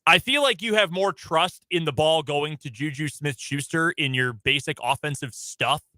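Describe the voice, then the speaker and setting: Chatty and quick to laugh, a Chicago-area man with an Upper Midwest accent rambles casually as a sports radio co-host. A studio microphone captures his fairly high, pushed, bright voice with no room sound.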